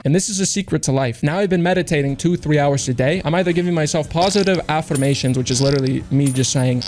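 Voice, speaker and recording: Young male streamer, fairly high voice, fired-up self-help rant, swears freely, music bed under him. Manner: intense, rapid, profane, self-help preaching with mocking put-on quotes. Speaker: streamer opening cases. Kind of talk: rambling motivational monologue.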